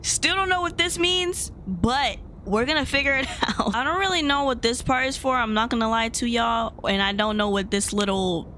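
A woman's voice: on the high side, normal speed, few pauses, sharp tone, a little hiss or hum. A woman hosting a gameplay video, chatting casually to her viewers and getting easily startled. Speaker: gaming video host.

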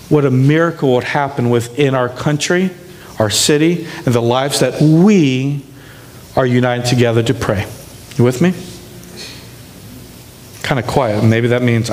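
A man's voice: fairly high pitch, measured pace, long pauses. A man preaching a sermon as pastor, emphatic and often checking in with the congregation. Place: church sanctuary. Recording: long hall reverb in a church.

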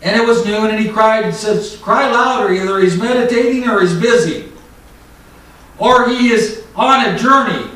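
A man preaching a fiery sermon, swinging from loud mocking shouts to low, intense warnings. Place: church hall. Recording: echoey church hall mic from a distance.

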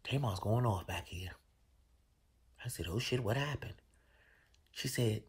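A man hosting a show, telling a story casually in a profane, animated way. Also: unhurried, pauses often, husky. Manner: animated, profane storytelling with loud, high bursts. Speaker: show host.

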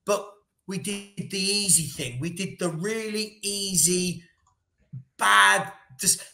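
A man's voice: sits high, slow pace, gravelly, sharp tone, roomy sound, faint music behind. A man co-hosting a casual football debate, blunt and passionate, repeating himself when heated. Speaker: football podcast co-host.

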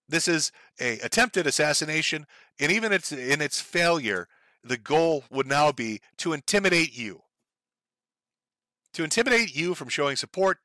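A man's voice: fairly high pitch, bright, forceful tone, no echo, studio quality. Heated, profane man ranting. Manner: heated, profane, sarcastic mocking impressions. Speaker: commentary streamer. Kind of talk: ranting political commentary.

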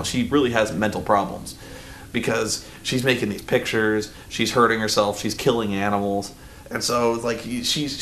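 A man in his thirties rambling in a casual vlog, groggy and animated, full of fillers and restarts, acting out quotes in bursts. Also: medium pitch, slight background noise. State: groggy, just woken up. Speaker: vlogger reviewing a film.

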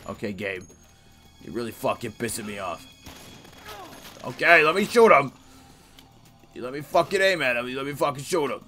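Man, gameplay commentary, profane, excitable, bright tone. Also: mid-range voice, moderate pace, pauses often, faint music behind. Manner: profane, excitable, trash-talking the game. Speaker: let's play host.

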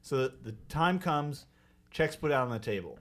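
A man guest in casual chat, telling a joke with lively acted-out lines. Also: medium pitch, moderate pace. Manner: animated joke telling, acts out dialogue. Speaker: filmmaker guest.

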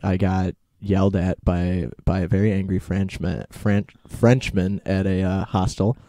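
A young man chatting casually as a podcast guest, hesitant with many fillers and deadpan jokes. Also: low voice, no echo, studio quality. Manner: halting, lots of uh and um, deadpan jokes. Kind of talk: casual chat.

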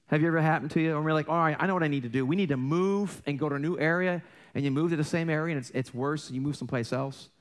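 A man's voice: on the high side, racing. A middle-aged man preaching a casual sermon as a pastor, joking and asking the congregation questions. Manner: conversational, self-deprecating, jokey storytelling; frequent restarts and rhetorical questions to the congregation. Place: church sanctuary.

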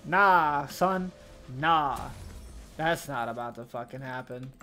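A man giving live gameplay commentary on his match, ranting with a steady stream of profanity and exasperation. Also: a little high, takes it slowly.

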